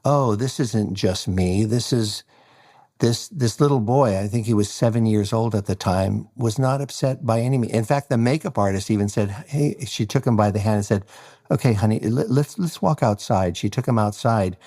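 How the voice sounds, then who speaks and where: A man's voice: fairly low pitch, a little fast. A man, a hairstylist guest on an interview podcast, telling stories and acting out the voices of the people in them. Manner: animated storyteller acting out quoted voices. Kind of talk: storytelling interview.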